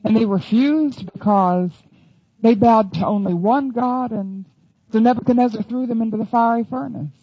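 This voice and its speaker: A woman's voice: fairly high pitch, moderate pace, husky, no room sound, lo-fi sound. A woman teaching the Bible in an earnest, emphatic sermon.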